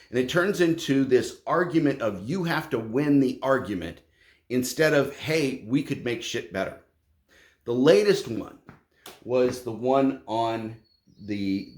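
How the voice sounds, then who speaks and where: A man's voice: mid-range voice, roomy sound, noisy background. A middle-aged man ranting bluntly and profanely as a tradesman vlogger, exasperated and dismissive.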